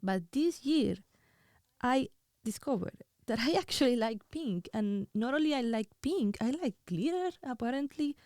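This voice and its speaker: A woman hosting a podcast, telling a personal story in a soft, halting way and often repeating words as she goes. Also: a little high, expressive, dry recording, studio quality. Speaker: podcast host.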